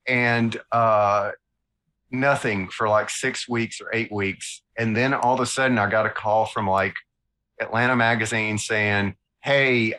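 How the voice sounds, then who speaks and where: A guest illustrator with a Southern American accent tells animated, self-mocking stories in a casual interview. His voice is fairly low, and the recording is rough.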